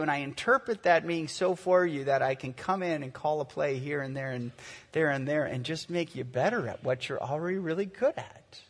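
A man in his forties, a pastor, preaching a sermon in a conversational storytelling way that slows for earnest emphasis. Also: on the high side, big-room sound. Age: 40s.

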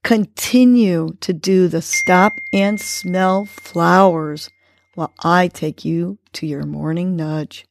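A woman hosting a morning podcast, guiding a breathing exercise and giving encouraging words in a soothing, steady voice. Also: lowish voice, gravelly, background noise. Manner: slow, soothing, encouraging delivery. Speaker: podcast host. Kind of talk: guided breathing and motivational talk.

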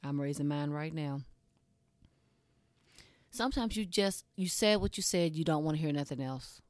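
A woman's voice: low voice, moderate pace, a little mellow, dry recording. A woman giving a casual, blunt monologue straight to her audience, candid and swearing freely.

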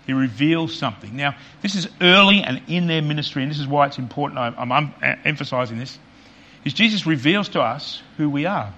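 Earnest preacher, bright voice. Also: male voice, on the high side, expressive, a little fast, muffled recording. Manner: earnest preaching, repeats key questions, drops to quiet emphasis. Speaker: pastor. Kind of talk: sermon.

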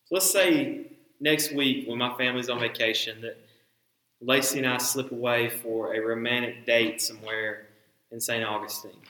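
A man's voice: mid-range voice, fairly even intonation, moderate pace, bright, forceful tone, echoey room, rough recording. A man in his thirties preaching a sermon, who acts out the dialogue of biblical figures with dramatic emphasis. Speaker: pastor.

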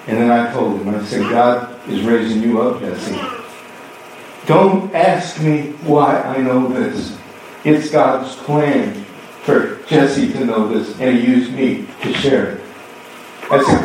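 A man preaching a sermon as pastor, telling a story and acting out both sides of a conversation with lively swings in voice. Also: mid-range voice, takes it slowly, slight background noise. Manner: animated storytelling, acting out dialogue. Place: church sanctuary. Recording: echoey hall from far off.

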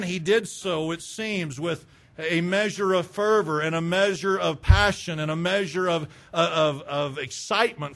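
High-voiced fervent male preacher. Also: fairly bright tone. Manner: fervent, emphatic, with bursts of volume. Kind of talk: sermon.

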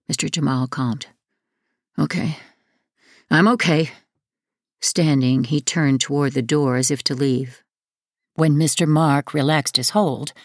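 A woman narrating a memoir audiobook in a measured, even reading voice, close to a studio mic. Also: low-pitched, dry recording.

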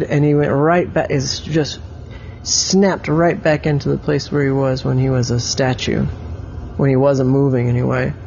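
A man telling an improvised story to a child. He speaks haltingly, restarts often, and pauses to explain words as he goes. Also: a little high, a little mellow, highs cut off, a little hiss or hum.

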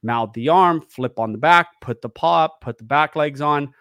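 Chatting casually on his podcast about dog training, a man grows animated and worked up while acting out what the dog is thinking. His voice sits on the high side, clear and resonant, at normal speed, with no echo.

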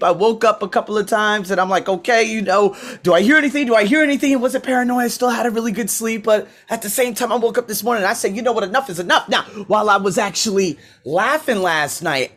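A man hosting his coaching podcast in a motivational preaching mode, swinging between loud declarations and low asides, recorded on a laptop at home while he paces. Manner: swearing, talking to himself by name. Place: indoors at home, pacing with a laptop. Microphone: laptop mic.

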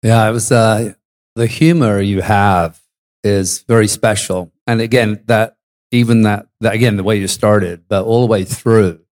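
A man co-hosting a speaking review, giving feedback in a halting way and restarting his phrases. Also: lowish voice, steady tone, darkish tone. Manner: halting, restarts phrases while searching for words. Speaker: co-host giving speech feedback. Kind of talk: spoken critique.

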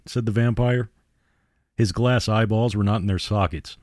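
A man hosting a horror podcast, reading the story in a theatrical, measured way. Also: on the low side, fairly even intonation, darkish tone, no echo, clean studio sound. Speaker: podcast host and narrator. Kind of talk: dramatic horror narration.

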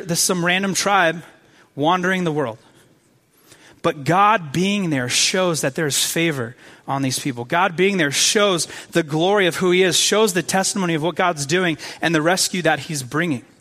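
High-voiced man preaching casually. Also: fairly bright tone. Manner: conversational, enthusiastic, many fillers and repeats. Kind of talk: casual sermon.

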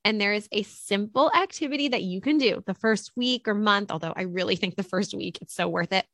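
A woman co-hosting a teaching podcast, explaining ideas in an encouraging, steady way. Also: medium pitch, fairly quick, no room sound, clean studio sound. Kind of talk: casual podcast chat.

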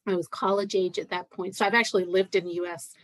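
A woman's voice: medium pitch, fairly even intonation, quick pace, no echo. A middle-aged woman from Scotland who now sounds American, talking casually as an interview guest, hesitant with many fillers and restarts. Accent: American with Scottish roots. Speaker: guest, writer and massage therapist.

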